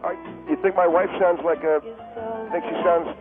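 Guy calling in on a crackly phone line, rambly and halting, kinda high voice. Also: steady tone. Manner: rambling, halting, easily distracted. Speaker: caller. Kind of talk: comedic rambling phone call. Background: piano music.

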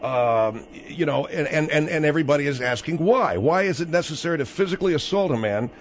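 A man hosting a radio talk show, brisk and skeptical as he steers the call and takes callers. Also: on the high side, animated.

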